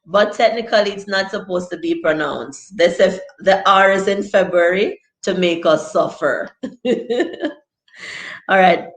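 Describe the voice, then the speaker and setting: Chatty Jamaican woman, slow and low. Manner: chatty, laughs often, reads viewer comments aloud. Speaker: teacher hosting a live stream. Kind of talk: casual live-stream lesson, reading chat aloud. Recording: echoey room.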